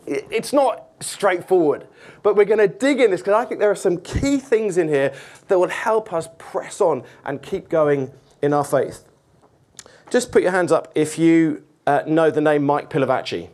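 A man's voice: on the high side, animated, darkish tone. A man preaching informally to a church group, chatty and joking with many fillers. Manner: slow, deliberate scripture reading. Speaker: preacher leading a Bible study.

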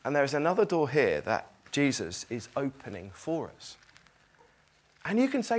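A man's voice: medium pitch, huge pitch swings, moderate pace. A middle-aged man preaching a sermon, reading scripture aloud and acting out its tone with emphasis.

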